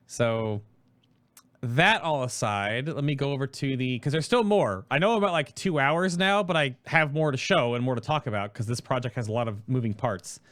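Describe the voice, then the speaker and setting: A man hosting his stream, talking casually and quickly about a project, rambling through explanations. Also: on the high side, a bit bright, dry recording. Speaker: host.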